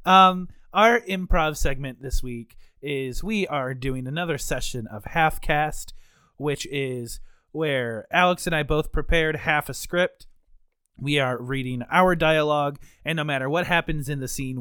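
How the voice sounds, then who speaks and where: A man's voice: on the high side, a little slow, pushed and bright, clear, resonant tone, no echo. A young man co-hosting a podcast, chatting casually with dry, wry humor. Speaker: podcast co-host. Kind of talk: casual chat.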